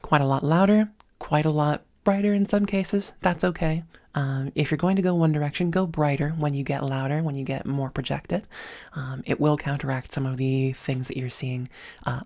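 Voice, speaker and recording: A woman's voice: deep voice, warm tone, no room sound. A woman voice coach talking at a desk microphone, explaining exercises step by step in an upbeat way. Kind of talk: spoken voice lesson.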